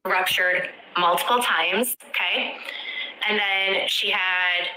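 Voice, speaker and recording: Bright-voiced woman on a live stream. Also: mid-range voice, slow, reverberant, a little hiss or hum, rough recording. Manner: hesitant, lots of fillers, listing details. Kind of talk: casual commentary on a live stream.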